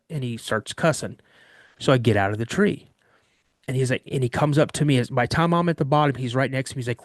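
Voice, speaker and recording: A man casually recounting a story from his childhood in first person, animated and vivid, often restarting mid-sentence. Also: mid-range voice, quick pace, dry recording, studio quality. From Washington state. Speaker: guest telling an encounter story.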